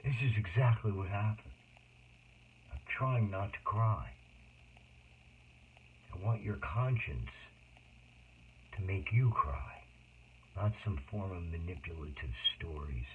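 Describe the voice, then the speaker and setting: A man telling a personal story in a rambling, emotional monologue with sudden loud outbursts. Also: sits low, slow, long pauses. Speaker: autobiographical storyteller. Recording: tinny phone-like noisy recording.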